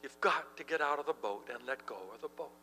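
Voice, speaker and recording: A middle-aged pastor with a fairly high, very bright and ringing voice preaches quickly in church, with vocal fry, telling stories with animated energy and laughing as he goes. The poor audio carries a long reverb tail and a low electrical hum underneath.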